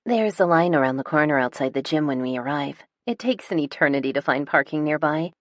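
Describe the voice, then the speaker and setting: Woman audiobook narrator, low voice, wry expressive first-person read, dry studio sound. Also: a little fast, no room sound, muffled recording.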